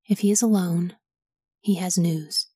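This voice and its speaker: A woman reading the lines of a grieving old king, a father mourning his son, in a soft whisper. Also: on the low side, fairly even intonation, a little slow, slightly rough, no room sound, studio quality. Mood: demanding. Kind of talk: whispered role-play.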